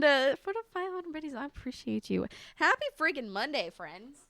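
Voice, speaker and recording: A woman's voice: high voice, big pitch swings, moderate pace, fairly bright tone, a little hiss or hum. A woman live streamer chatting casually with her viewers, scattered and talkative, thanking them often and swearing mildly.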